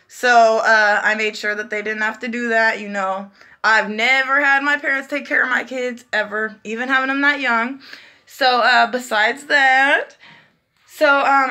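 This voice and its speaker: Young woman, casual vlog storytelling, animated, high-ish voice, bright and gravelly. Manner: chatty, animated, acts out quoted voices. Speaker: vlogger.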